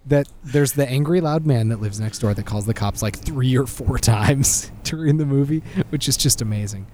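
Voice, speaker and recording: A man co-hosting a movie podcast, chatting casually and animated, laughing often and jumping up in pitch for jokes. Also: moderate pace, slight background noise. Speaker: podcast host. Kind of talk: casual chat.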